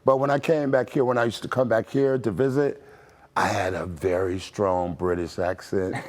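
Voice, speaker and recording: An older American man, a former basketball pro, telling stories in a relaxed, chuckling way full of "you know". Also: fairly low pitch, normal speed. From Toledo, Ohio, USA. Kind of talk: casual interview storytelling.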